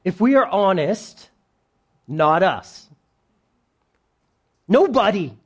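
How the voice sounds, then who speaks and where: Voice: medium pitch, animated, unhurried, a little mellow. Conversational, joking preacher. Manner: conversational, humorous, asks the congregation questions. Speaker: pastor. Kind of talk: sermon.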